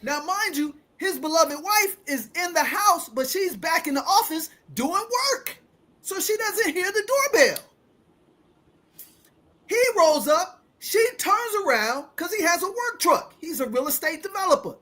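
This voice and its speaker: A very high-pitched, very animated woman in her fifties hosts a podcast at a measured pace. She relates a story dramatically while addressing listeners as ladies and gentlemen.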